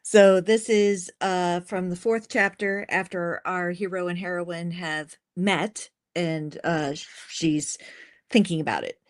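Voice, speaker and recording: A woman's voice: lowish voice, fairly even intonation, slow. A woman who is an author on a panel, casually introducing the passage she is about to read. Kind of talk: casual introduction before a reading.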